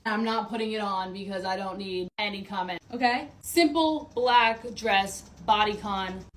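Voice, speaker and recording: A woman's voice: medium pitch, measured pace. A woman telling a casual storytime to camera, blunt and frank, swearing freely.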